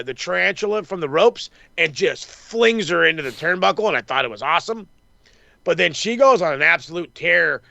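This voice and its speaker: A wrestling podcast host with a fairly high, gravelly voice and a bright, forceful edge rattles through a casual recap, swearing constantly and excitably. He slips into quick impressions of the people he quotes, and the lo-fi sound is dry and close with no room sound.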